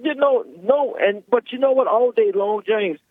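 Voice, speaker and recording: A man phones in to a talk show with a rather high voice. He rambles, leaning heavily on filler words as he talks. The call comes through a thin, tinny phone line with a dry sound. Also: normal speed, no echo. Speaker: caller.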